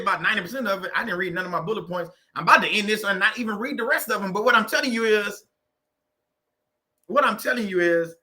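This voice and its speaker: A man hosts a faith-based livestream about narcissistic abuse, giving a motivational talk in a preachy yet conversational style and repeating phrases for emphasis. His voice is high-pitched, pushed and bright.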